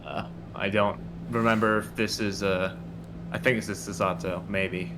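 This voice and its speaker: A man's voice: fairly low pitch, steady tone, moderate pace, background noise. A man co-streaming a game in casual commentary, easygoing and hedging, laughing often.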